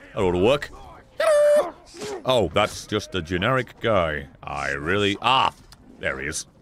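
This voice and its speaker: Excitable man commentating gameplay. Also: lowish voice, slight background noise. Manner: excitable, bursts of laughter and shouting, swearing. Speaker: gaming streamer.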